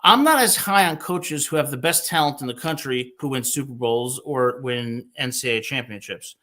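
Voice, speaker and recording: Young male sports talk host from New Jersey, bright tense voice, boisterous joker. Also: medium pitch, normal speed. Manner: boisterous, jokey, animated storytelling. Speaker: podcast host.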